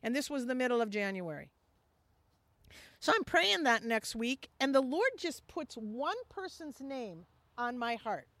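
A woman who leads a missions ministry, telling a personal testimony in an animated way and acting out the dialogue. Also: a little high, a little slow, no room sound.

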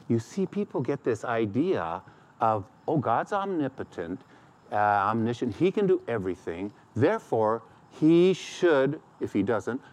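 Middle-aged guy preaching, lively swooping voice, acts out what people say. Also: mid-range voice. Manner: animated, acts out quoted complaints in a raised voice. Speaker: pastor. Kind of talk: sermon.

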